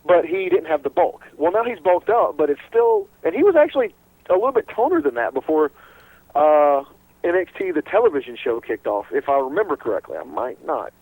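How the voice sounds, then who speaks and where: A man's voice: fairly high pitch, brisk, no echo, rough recording. A man hosting a casual sports radio talk show, rambling and full of restarts. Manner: animated and rambling, with many restarts.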